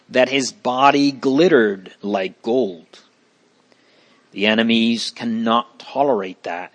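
A man reading a religious story aloud in an earnest way, turning to ask his listeners questions. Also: medium pitch.

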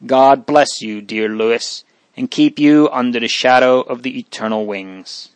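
A man's voice: mid-range voice, measured pace, smooth, dry recording, natural voice. A grave young man, as a man reads him gives a solemn blessing in a storybook. His manner is sweet and dignified. The reading is dry and close.

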